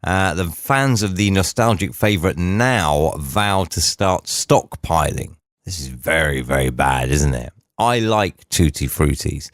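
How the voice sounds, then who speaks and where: A man's voice: sits low, lively intonation, measured pace, no echo, studio quality. A man hosting a drivetime radio show, chatting casually and cracking jokey asides.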